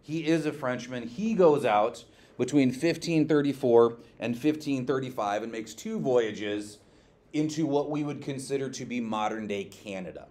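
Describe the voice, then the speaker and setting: A man teaching a class in a classroom, talking in an animated way and throwing questions to his students. His pitch is middling, and he keeps checking in with them as he goes. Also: moderate pace. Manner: lively, asks the class questions, says okay often. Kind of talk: classroom lecture.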